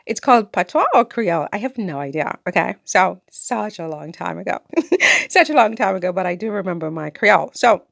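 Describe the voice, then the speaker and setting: A woman's voice: on the low side, animated, brisk, gravelly, a bit bright, no echo, studio quality. A woman from the Caribbean vlogging on her own channel, chatting in a rambling, talkative way and breaking into laughter. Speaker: YouTuber. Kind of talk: casual vlog monologue.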